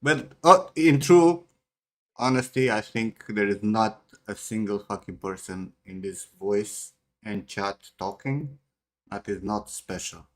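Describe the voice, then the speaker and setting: A man's voice: lowish voice, slow, fairly bright tone. Teasing, foul-mouthed man. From Norway. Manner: teasing, swears freely, laughs often. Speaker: art mentor hosting a voice chat. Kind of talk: casual voice chat banter.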